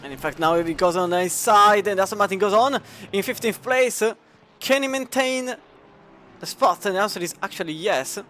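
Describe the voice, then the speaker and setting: A man's voice: high-pitched, moderate pace, pushed and bright, slight background noise. A man with an Italian accent commenting live on a sim racing endurance event. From Italy. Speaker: race commentator.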